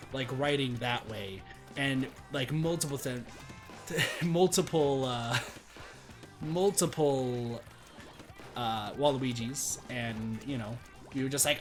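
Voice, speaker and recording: Hoarse man telling a rambling story. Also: medium pitch. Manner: rambling, animated, with restarts. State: hoarse, strained voice. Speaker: streamer. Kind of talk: casual storytelling on a game stream.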